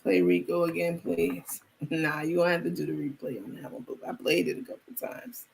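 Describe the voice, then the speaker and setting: A woman's voice: deep voice, steady tone, moderate pace, creaky, slight background noise. A woman hosting a live stream, chatting casually and reading viewer comments aloud with frequent restarts.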